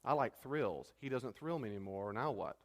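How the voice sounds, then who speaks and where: Man, pastor, church teaching talk, conversational, mid-pitched voice, long hall reverb. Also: normal speed. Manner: conversational, animated, stumbles over words.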